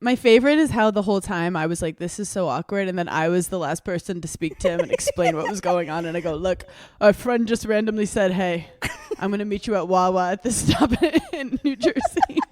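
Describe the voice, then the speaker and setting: A woman's voice: medium pitch, expressive, brisk, darkish tone, dry recording. A young woman co-hosting a casual podcast, telling a story animatedly with frequent laughter and acted-out quotes. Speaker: podcast co-host. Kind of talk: casual chat.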